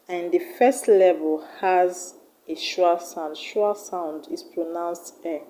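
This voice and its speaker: A woman teaching an online English lesson, repeating key points slowly and deliberately. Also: fairly low pitch, dark tone, slight background noise, rough recording.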